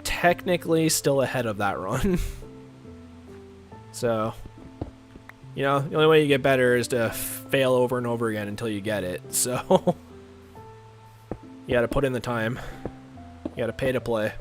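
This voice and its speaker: A man's voice: medium pitch, measured pace, pauses often, soft background music. Rambling congested male gaming streamer. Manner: rambling, filler-heavy, chatty with viewers. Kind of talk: casual live-stream chat while playing.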